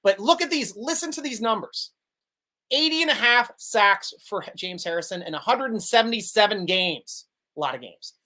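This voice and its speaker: Animated, laughing sports-show host. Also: male voice, very high-pitched. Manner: excitable, laughs often, animated. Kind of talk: live sports vidcast, reading viewer comments.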